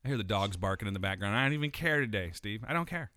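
A man's voice: on the low side, expressive, fast talker, sharp tone, no echo. A man co-hosting a podcast in casual chat, joking and swearing, slipping into impressions. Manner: profane, joking, breaks into impressions. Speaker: podcast co-host.

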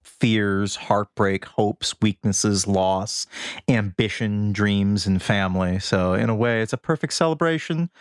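A man's voice: lowish voice, a little slow, clean tone, no room sound, studio quality. A young man from the Boston area co-hosting a podcast, talking with enthusiasm and laughing often. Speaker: podcast co-host. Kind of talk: casual podcast chat.

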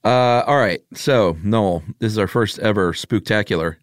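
A man's voice: on the low side, moderate pace, no room sound, studio quality. A middle-aged man hosting a podcast in laid-back, teasing casual chat. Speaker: podcast host.

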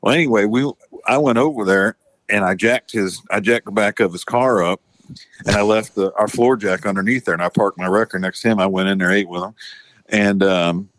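A man's voice: on the low side, brisk, a bit bright, no echo. A man, a former tow truck driver, telling a rambling, profane story full of fillers and restarts. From Florida Panhandle, US. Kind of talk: casual storytelling.

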